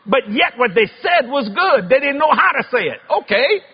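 A man preaching with a high-pitched voice, breaking into loud shouts and folksy humor. The sound is muffled, like an old broadcast recording. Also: very animated, normal speed, slightly rough. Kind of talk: sermon with comic storytelling.

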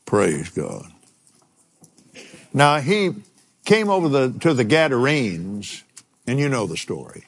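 An older male preacher delivers his sermon at an unhurried pace. His pitch swings widely as he tells stories animatedly, with an occasional chuckle. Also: very animated. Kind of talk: sermon with personal storytelling.

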